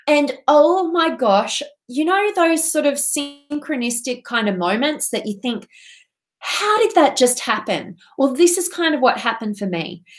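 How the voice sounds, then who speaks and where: A woman's voice: high voice, expressive, moderate pace, hardly any pauses. A woman coach giving an earnest, impassioned motivational talk to her viewers. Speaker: transformational coach and speaker.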